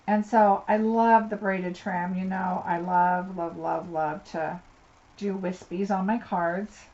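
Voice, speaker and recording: A woman's voice: on the low side, fairly even intonation, takes it slowly, darkish tone. A woman giving a live card-making tutorial, chatting and thinking aloud as she works at her desk. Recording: slightly dull audio with faint noise.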